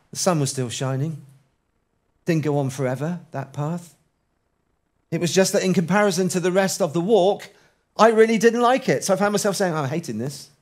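Guy preaching, bit high voiced, chatty and animated, asks lots of questions. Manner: animated, conversational, rhetorical questions. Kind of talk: sermon.

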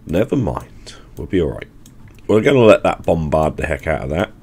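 A man with a deep, low-pitched voice chats casually over a strategy game. He thinks aloud, weighing each move as he makes it, like a gaming channel host. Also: expressive, a little fast, vocal fry, darkish tone, husky. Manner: thinking aloud while planning moves. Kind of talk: casual gameplay commentary.

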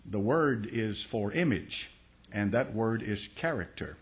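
Folksy pastor teaching a sermon. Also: male voice, on the low side, lively intonation, unhurried. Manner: folksy, explains step by step, many restarts and uh.

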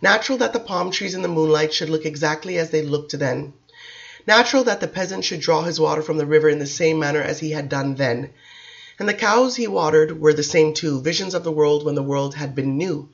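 Brief: woman narrating a novel, measured, expressive delivery, slightly muffled recording. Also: low-pitched. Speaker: audiobook reader. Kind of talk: audiobook narration.

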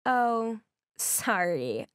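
A woman's voice: a little high, very animated, measured pace, dry recording. Woman voicing a sarcastic teen mean girl, mocking, dry close sound, cartoon story.

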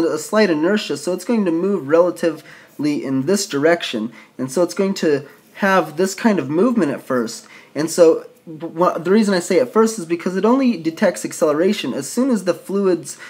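A man's voice: sits high, husky. A man teaching anatomy in a casual lecture, talking informally, often restarting and correcting himself as he thinks aloud. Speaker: instructor. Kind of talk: casual drawing-board lecture.

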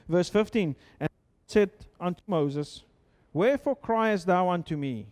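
A man with a high voice preaches in a church sanctuary, talking conversationally, stumbling over repeated words and tossing out rhetorical questions. At times he drops to a soft, hushed tone. His voice rings with the long reverb of the hall. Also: very animated, a little slow. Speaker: pastor. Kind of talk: sermon.

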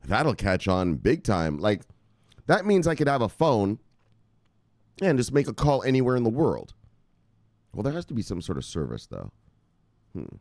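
A man's voice: lowish voice, huge pitch swings, moderate pace, gravelly, pauses often, no echo. Hyped-up guy doing a crypto news show, voice swings all over, dry close sound. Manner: hyped, shouting catchphrases, laughing, profane. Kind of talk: excited casual crypto commentary. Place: home near the beach.

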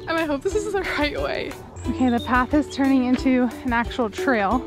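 A woman's voice: high-pitched, expressive, normal speed. A young woman talking casually through a travel vlog, upbeat and chatty, often laughing while she walks around outdoors. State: out of breath while walking uphill. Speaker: travel vlogger. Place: outdoors and in a small town, walking. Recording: music playing behind her voice.

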